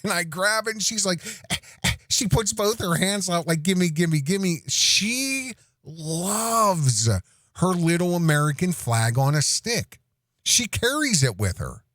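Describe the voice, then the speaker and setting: Animated rambling male podcast host. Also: no echo, studio quality. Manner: rambling, animated, swings pitch high when imitating a toddler. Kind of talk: casual storytelling monologue.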